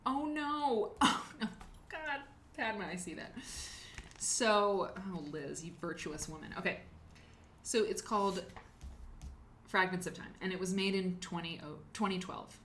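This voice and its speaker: This quilting show host has a lowish, fairly bright voice with a steady tone and normal speed. Chatty and rambling, she reads chat names aloud and thanks viewers by name during the casual livestream. A slight hiss or hum runs in the background.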